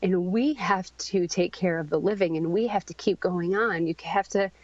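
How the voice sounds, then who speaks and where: A middle-aged woman pours out a raw personal story as a podcast guest, halting often and restarting her sentences. The recording is dry and a bit dull, with no room sound. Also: lowish voice, no room sound. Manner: halting, searching for words, many ums and restarts.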